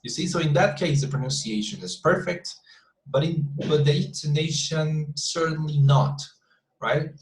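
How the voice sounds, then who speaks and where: A male English teacher with a Spanish accent, a Spanish speaker, leading an online class in a halting way, with many repeated words and fillers. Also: on the high side, roomy sound, low-quality recording.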